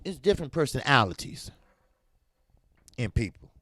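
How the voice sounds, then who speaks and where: A man's voice: medium pitch, moderate pace, no room sound. A man hosting a casual boxing talk stream, talking in an emphatic, slangy way. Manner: animated, emphatic, drifts into slang. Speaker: boxing talk show host. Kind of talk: casual boxing commentary livestream.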